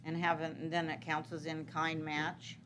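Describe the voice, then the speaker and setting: A woman's voice: low voice, completely flat delivery, normal speed, a bit bright, slight background noise. A woman answering questions at a city council meeting, rambling with many fillers and restarts. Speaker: city transit manager.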